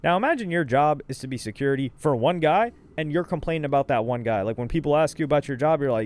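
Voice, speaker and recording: A man's voice: a little high, expressive, fast talker, few pauses, a little mellow. A young man co-hosting a casual reaction show, telling the backstory in loose slang with lots of asides. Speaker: co-host reacting to streamer clips.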